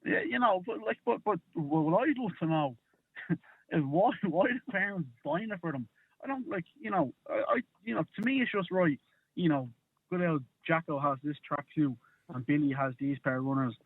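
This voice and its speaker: A man's voice: on the high side, normal speed, slightly rough, no echo. Rambling man on a phone line. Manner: rambling, fills with "like" and "you know". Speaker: caller. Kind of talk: phone-in call.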